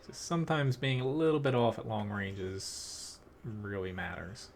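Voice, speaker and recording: A man with a Philadelphia accent talks over his gameplay in a loose, easygoing ramble, full of "like" and "um". His voice sits fairly low. A faint hiss runs underneath. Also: expressive, unhurried. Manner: rambling, filler-heavy, laughs between thoughts. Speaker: game streamer. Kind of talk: casual live-stream commentary.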